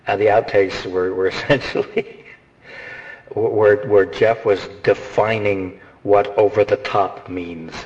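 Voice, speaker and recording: A man giving casual, animated, rambling advice on voice acting, slipping into quick character voices. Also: lowish voice, dull audio. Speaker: voice acting instructor. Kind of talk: casual instructional talk.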